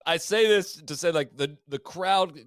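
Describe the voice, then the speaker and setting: A man's voice: fairly high pitch, a little slow, no room sound, studio quality. Chatty man recounting golf history. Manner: animated storyteller, frequent fillers and restarts. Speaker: podcast co-host. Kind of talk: casual golf history chat.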